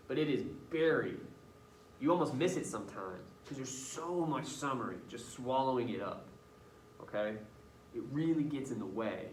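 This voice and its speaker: A man teaching a writing class in a loose, chatty way, talking himself through cuts to a paper. His voice sits at an ordinary pitch and carries the echo of a classroom. He is heard from some way off the mic. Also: animated, moderate pace, slight background noise. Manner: casual, chatty, thinking aloud while editing. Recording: roomy classroom picked up from a distance.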